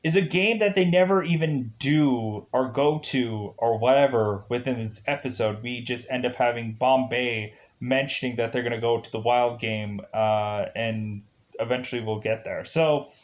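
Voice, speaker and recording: A man's voice: medium pitch, moderate pace, lo-fi sound. A man with an Upper Midwest accent giving a casual, rambling review of a TV episode, full of fillers and chuckles.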